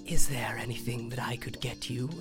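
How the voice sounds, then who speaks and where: Brief: a man as a soft-spoken, whispery dragon head serving at a bar. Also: mid-range voice, flat delivery, normal speed, faint music behind, pitched below the performer's own voice, natural voice. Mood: hushed.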